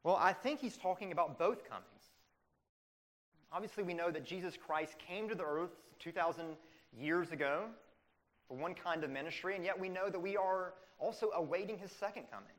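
A man's voice: sits high, moderate pace, fairly bright tone. A man preaching a sermon, asking rhetorical questions and acting out quoted voices. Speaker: pastor.

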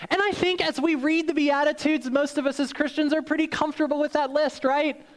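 A man preaching a sermon, acting out hyped quotes and then dropping low and soft for the serious points. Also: fairly even intonation, a little fast. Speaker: pastor.

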